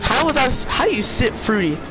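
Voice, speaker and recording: A young man streaming a video game, chatting in slang and yelling at the game when things go wrong. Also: very high voice, brisk, over music. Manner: excitable, trash-talking slang, yells at the game. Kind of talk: casual gaming commentary. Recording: noisy game sound underneath.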